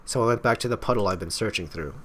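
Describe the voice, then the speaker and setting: A man's voice: on the low side, fast talker, a bit bright, slight background noise. A man playing through a game, narrating its text and commenting in a casual, stumbling way with wry asides, his throat strained from talking. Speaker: gaming YouTuber.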